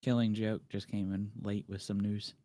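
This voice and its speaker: A man's voice: lowish voice, level tone, normal speed, warm tone. A man co-hosting a casual chat, teasing the others and laughing a lot. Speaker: co-host. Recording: noisy line with clicks.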